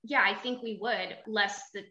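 Give me a bright-voiced woman in an echoey room. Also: medium pitch, steady tone, normal speed, lo-fi sound. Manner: earnest, recounting events. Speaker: guest, salon owner. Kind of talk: casual interview talk. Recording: roomy echo.

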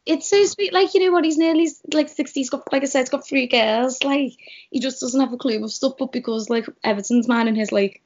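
A woman's voice: high voice, a little fast, darkish tone. Young woman, broad Scouse accent, chatty and rambling, on a dull lo-fi call line. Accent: Scouse (Liverpool). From Liverpool, England. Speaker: guest, radio producer. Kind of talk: casual podcast chat. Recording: dull lo-fi remote call audio.

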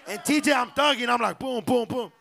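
Brief: young man, bright and high-pitched, profane rambling storyteller at a live show. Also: brisk, creaky. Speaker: podcast co-host. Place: live pop-up show venue.

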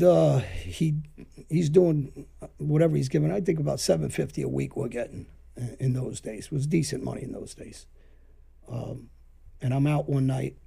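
A man spins a casual story. His voice is extremely gravelly, deep in tone and very dark, and he slips into the voices of the people he quotes as the tale rambles on. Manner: rambling, acts out quoted dialogue. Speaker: podcast storyteller.

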